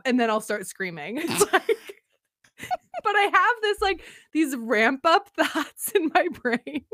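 A woman's voice: sits high, sing-song, takes it slowly, bright, forceful tone, dry recording, clean studio sound. A woman in her thirties co-hosting a podcast in casual chat, self-mocking and laughing often. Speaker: podcast co-host.

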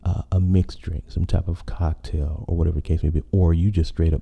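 A man's voice: low-pitched, flat delivery, brisk, gravelly, dark tone, breathy edge. A man hosting a podcast, talking in a rambling casual monologue full of fillers and restarts. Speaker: podcast host.

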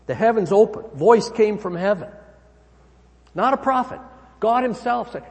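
Guy preaching a sermon, pretty high voice, big swings up and down, echoey church hall. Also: animated, normal speed, darkish tone. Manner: emphatic, swinging pitch and volume. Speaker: pastor. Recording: long hall reverb.

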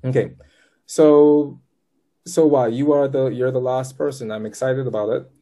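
Mellow-voiced man giving a tarot reading. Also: medium pitch, steady tone, unhurried. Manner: upbeat, chatty, gives patient step-by-step directions. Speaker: tarot reader. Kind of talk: live tarot reading session.

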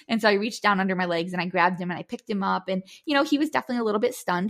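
A young woman hosting a podcast, chatting through a personal story with lots of fillers and animated retelling. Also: medium pitch, gravelly. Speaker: podcast host.

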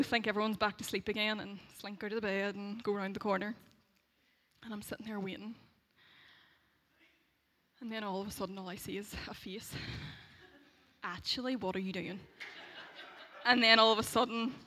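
A Northern Irish woman in her thirties shares a personal faith testimony. She is lively and laughs along with her own story, acting out the voices she quotes. Her voice sits a touch higher than most women's. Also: a little hiss or hum. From Derry, Northern Ireland. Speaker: speaker sharing a faith testimony.

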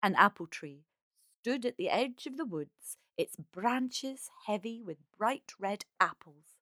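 A woman reading a fairy tale aloud as a calm, measured storyteller. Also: medium pitch, no room sound, studio quality.

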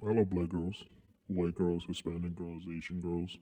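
A young man with a very deep, flat, mellow voice, talking in a halting, deadpan way. A long reverb hangs on every line. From Southern California. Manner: halting, repeats words, deadpan. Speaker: podcast co-host. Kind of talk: crude casual banter.

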